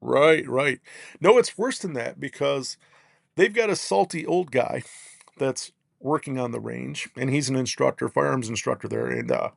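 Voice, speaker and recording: A man, a podcast guest, telling long rambling stories in casual chat and tagging his points with quick checks on the listener. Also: mid-range voice, vocal fry, no room sound, studio quality. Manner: rambling, peppers lines with "right?". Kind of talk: casual storytelling.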